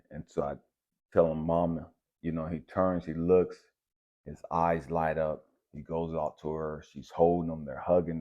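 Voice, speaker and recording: Low, mellow-voiced man telling a story. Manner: relaxed, conversational, uses slang like bet and dap. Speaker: channel host. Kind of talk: casual spiritual storytelling.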